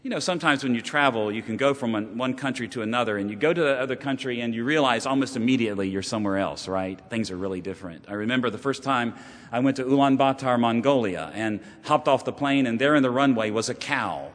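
A man preaching a sermon in a church, his mid-pitched voice ringing through a long, echoing hall. He tells stories, drops to a hushed tone at times and then builds back up with emphasis. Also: fast talker. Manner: storytelling, shifting from hushed to rising emphasis. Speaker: pastor.

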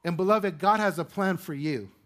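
A male pastor with a high voice preaches to his church in an easy, conversational way. He asks his listeners rhetorical questions and adds light humor. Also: normal speed, a bit bright. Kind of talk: sermon. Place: church sanctuary with congregation.

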